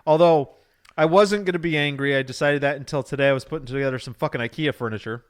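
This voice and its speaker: A man's voice: a little high, fast talker, clean tone. Rambling, profane male podcast host. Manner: profane, rambling, jokey rants. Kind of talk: casual chat.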